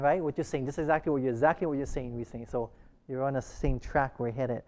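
A middle-aged man from Hawaii with a light Hawaiian Pidgin accent, teaching a church class on preaching, reading quotations aloud and pausing for the class to call out answers. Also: fairly high pitch, fairly even intonation. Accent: light Hawaiian Pidgin English.

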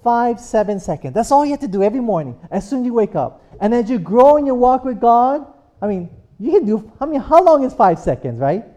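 A preacher gives a sermon in a very animated, brisk, dark-toned mid-range voice. The delivery is repetitive and rhetorical, restating points and calling on the congregation for amens.

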